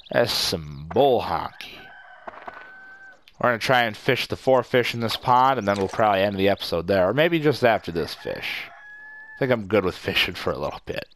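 A man's voice: fairly low pitch, a bit bright, slight background noise. Goofy young man talking to fish. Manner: playful, talks to the fish, goofy exclamations. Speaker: gameplay commentator. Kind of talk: casual let's play commentary.

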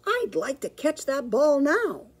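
Woman doing a squeaky polite puppy boy. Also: sing-song, slow pace, heavily acted. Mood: eager. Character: small eager polite male puppy.

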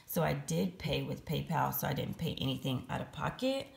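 A woman with a low, deeply gravelly voice, hoarse and raspy from the morning. She chats casually, walking through numbers step by step for her vlog viewers. The sound bounces around an echoey room. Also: normal speed. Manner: chatty, talks through receipt math step by step. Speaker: couponing vlogger.

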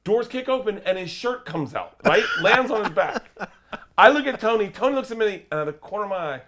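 A man who is a stand-up comedian, telling a wild story in an interview, swearing freely and rising into loud, excited shouts. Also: high-pitched, brisk, noisy background. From United States. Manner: profane, excitable, jumps into loud shouted bits when telling stories. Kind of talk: animated storytelling.

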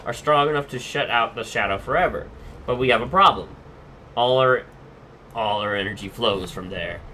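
A man reading aloud as a huge demon lord who speaks slowly and deliberately. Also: medium pitch, bright, forceful tone, slight background noise, lightly acted. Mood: grave. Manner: slow, deliberate, commanding. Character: huge slow-spoken demon lord, stern and grave.

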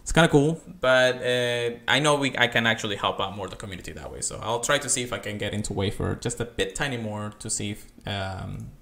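Male podcast co-host, bright timbre, casual and rambling, filler-heavy. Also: lowish voice, a little fast, vocal fry, hardly any pauses. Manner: chatty, rambling, many fillers and restarts; reads text aloud in a flat, careful way.

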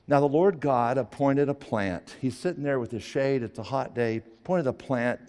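A male pastor preaching a sermon, moving between chatty asides and forceful, rising emphasis. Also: mid-range voice, big-room sound.

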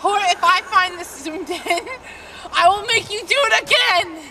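A vlogger at a bus stop fools around for the camera her friend is holding, laughing, ordering the friend about and cursing freely. Her voice is very high and her pace measured, with traffic noise from the street around her.

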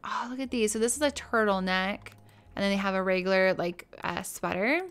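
A woman streamer talks casually while she plays, recorded on a desk microphone in her own room at home. Her voice sits at an everyday middle pitch for a woman. She gushes as she chats, sliding from soft murmured asides into bursts of excited squealing. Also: a little fast, clear, resonant tone. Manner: gushing and chatty, drifting between soft asides and excited squeals. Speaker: game streamer. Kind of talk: casual live-stream chat while playing.

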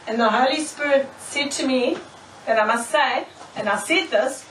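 A woman preacher giving a sermon, telling stories in an animated way, often laughing and checking in with "okay?". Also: high-pitched, slow, pauses often, slight background noise. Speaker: preacher, prophetess. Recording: echoey room, mic far off.

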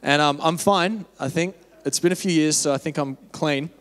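A young man with a slightly high voice speaks to a church gathering in a loose, candid, rambling way, full of fillers. His voice rings with the long reverb of a church hall. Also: moderate pace, fairly bright tone. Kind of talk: casual church talk with personal story.

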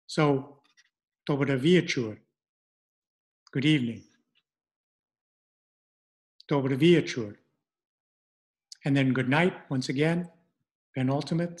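A middle-aged man presenting an online language lesson, speaking haltingly with many fillers and restarts. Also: medium pitch.

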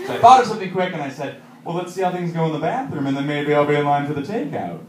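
A man doing a stand-up set, telling self-mocking stories with lively shouted punchlines before a live audience. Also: on the high side, very fast, a little hiss or hum. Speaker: stand-up comedian. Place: comedy club stage with audience. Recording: roomy, distant live club recording.

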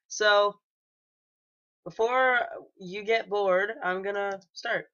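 Through a dull lo-fi home mic comes a young man's high, sharp voice, steady in tone and slow in pace. He might be a teenager, a gaming YouTuber offering casual let's play commentary that rambles hesitantly with many ums and restarts.

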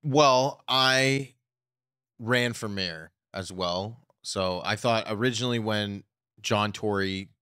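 A man's voice: low voice, pushed and bright, clear, resonant tone, no room sound, clean studio sound. A comedian guest on a podcast, a man chatting candidly in long, rambling anecdotes full of fillers. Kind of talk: casual podcast chat.

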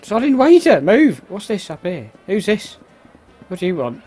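Brief: man narrating gameplay casually, chatty and exclamatory, slightly high voice. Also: big pitch swings, normal speed, darkish tone, husky, soft background music. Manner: rambling, exclaiming at the game, muttering asides. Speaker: gameplay commentator. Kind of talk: casual let's-play commentary.

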